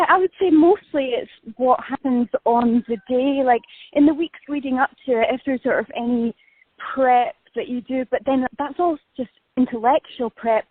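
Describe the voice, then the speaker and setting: A Scottish woman with a high, breathy voice chats and laughs through a casual interview, self-deprecating and warm in her delivery. The sound is thin and tinny, squeezed through a phone line, and close and dry. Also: no room sound. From Scotland. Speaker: actress being interviewed. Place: walking outdoors on a street.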